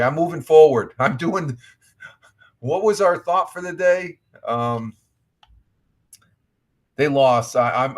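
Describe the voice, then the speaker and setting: A man's voice: medium pitch, fairly bright tone. Middle-aged male streamer, casual chat host, friendly rambling delivery, reads chat aloud, lots of restarts. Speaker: livestream host. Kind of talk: casual morning livestream chat.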